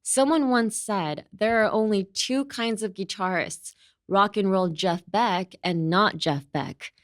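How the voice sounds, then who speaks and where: Brief: earnest teen girl bassist, read by a woman, informative, dry studio sound. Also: unhurried, no room sound, lightly acted. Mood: explaining.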